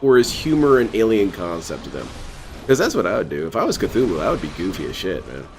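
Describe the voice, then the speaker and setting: A man's voice: low voice, very animated, quick pace. A man hosting a live restream, making sarcastic, mocking jokes and going off on absurd tangents. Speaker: host reacting to a restreamed gameplay video. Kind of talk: casual live commentary.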